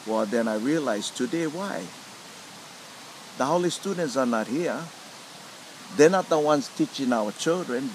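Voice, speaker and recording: A middle-aged man with a fairly high voice and a Hawaiian Pidgin English accent tells stories in an interview, animatedly acting out the voices of people he quotes. He practices lomi lomi, and the rough recording carries slight background noise.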